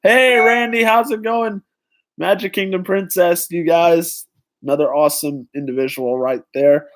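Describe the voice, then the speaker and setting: A young man hosting a live-stream trivia night, excitedly greeting viewers in the chat by name. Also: on the high side, normal speed. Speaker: livestream host.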